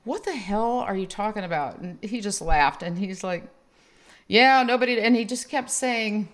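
A woman co-hosting a podcast, telling a dating story in casual chat, animated and laughing as she goes. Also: medium pitch, moderate pace. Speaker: podcast co-host.

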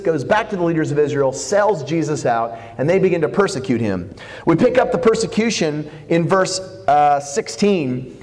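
A man preaching a sermon, animated and jokey, acting out quotes as he goes. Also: on the high side, long reverb tail. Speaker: pastor.

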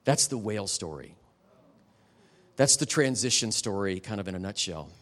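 A middle-aged man giving a guest sermon at a church service. He tells personal stories in a candid, emotional way and turns to the audience with quick asides. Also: on the low side, lively intonation, a bit bright. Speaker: guest preacher. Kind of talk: conversational sermon ending in prayer.

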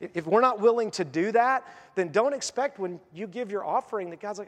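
Earnest high-voiced male preacher, reverberant hall. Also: expressive, a little fast. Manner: earnest preaching, voicing quoted speakers. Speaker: pastor. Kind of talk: sermon.

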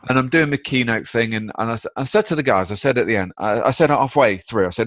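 A man, a guest author, telling stories in a blunt, energetic, chatty way with the odd swear word. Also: mid-range voice, fast, few pauses, no room sound. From United Kingdom. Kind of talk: casual chat, storytelling.

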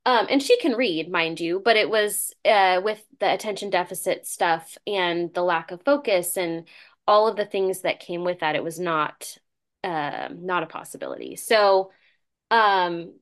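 A woman's voice: on the low side, measured pace. Woman, podcast host, middle-aged, earnest, conversational, frequent restarts. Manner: earnest, many fillers and restarts. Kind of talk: casual conversational interview.

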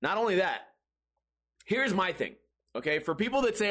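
Profane, animated man telling stories. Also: sits high, moderate pace. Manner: profane, animated, acts out quoted voices. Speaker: podcast host. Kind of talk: casual comedic storytelling.

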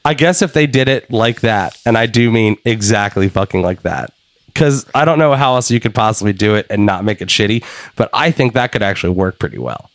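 A man co-hosting a podcast in casual chat, animated and swearing as he thinks out loud. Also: lowish voice, a little fast, no echo. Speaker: podcast co-host.

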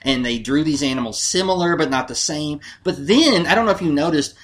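A man co-hosting a podcast, chatting about an old comedy film in a relaxed, agreeable way. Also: fairly high pitch, brisk. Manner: easygoing, agreeable, backchannels often. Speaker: podcast co-host. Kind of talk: casual film discussion.

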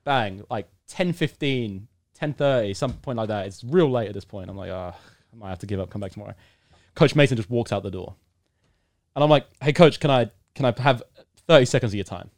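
Animated young man telling a story. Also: medium pitch, brisk, no echo, clean studio sound. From United Kingdom. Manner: animated storyteller, acts out quotes, bursts into loud excitement. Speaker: podcast guest. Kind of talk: casual storytelling.

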